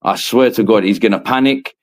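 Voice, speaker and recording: A man's voice: fairly low pitch, brisk. A man co-hosting a football chat, slangy, emphatic and swearing freely. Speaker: co-host.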